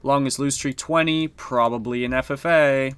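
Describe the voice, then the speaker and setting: A man's voice: mid-range voice, steady tone, normal speed, fairly bright tone, clean tone. A man streaming a strategy board game, chatting casually and swearing now and then. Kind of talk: casual live-stream commentary.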